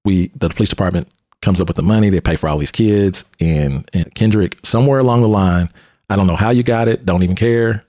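Man, very deep voice, dry close sound, animated storyteller, restarts phrases. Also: fairly quick, no echo. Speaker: host, police officer and mentor. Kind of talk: casual conversational storytelling.

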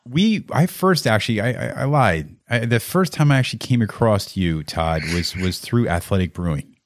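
A man's voice: fairly low pitch, lively intonation, moderate pace, slight background noise. A man hosting a podcast, chatting casually and openly emotional with his guest. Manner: openly emotional, warm and conversational. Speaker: podcast host. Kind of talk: casual interview chat.

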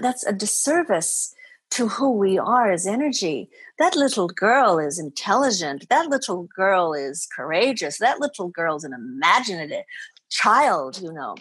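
A woman's voice: medium pitch, sing-song, measured pace, fairly bright tone, slightly rough, no echo. A woman spiritual teacher speaking as a podcast guest, earnest and emphatic, often repeating her phrases for stress. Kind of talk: podcast interview.

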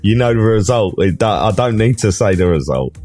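A Cockney man with a very low voice, chatting in a relaxed, teasing way and laughing often. Faint music plays behind him. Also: moderate pace. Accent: Cockney London. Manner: laid-back banter, laughs often. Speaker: podcast co-host. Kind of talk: casual chat.

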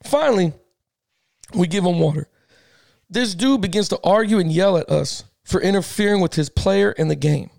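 A middle-aged man co-hosting a casual sports podcast. He tells a heated story in an animated, slangy way, repeats himself and laughs often. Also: sits high, moderate pace, gravelly, dry recording, studio quality. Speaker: podcast co-host.

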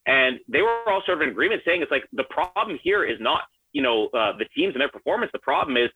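Male co-host, earnest explainer, slightly high voice, dry phone-line sound. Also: expressive, fast talker, slightly rough, no room sound. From Canada. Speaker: podcast co-host. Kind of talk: casual sports chat.

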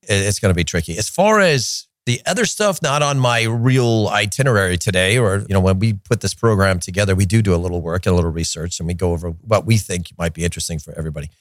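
A man's voice: low-pitched, fast, few pauses, dry recording, studio quality. A man hosting a soccer podcast in a chatty, opinionated way, with joking rants. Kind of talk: casual solo commentary.

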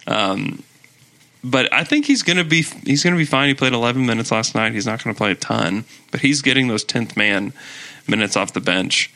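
A man's voice: mid-range voice, moderate pace, sharp tone. A man in his thirties co-hosting a casual sports podcast, talking at length and laughing easily. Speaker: podcast co-host.

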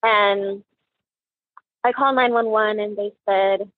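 A middle-aged woman recounting her daughter's last day for a true crime podcast, halting and often repeating words as she quotes what was said. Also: mid-range voice, steady tone, dry recording, phone-quality sound.

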